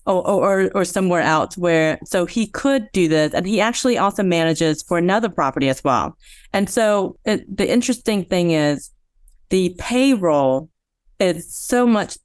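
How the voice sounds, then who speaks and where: A woman's voice: mid-range voice, clean tone, no echo, clean studio sound. A woman guest on a podcast, chatting casually, affirming often and laughing easily. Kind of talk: casual interview chat.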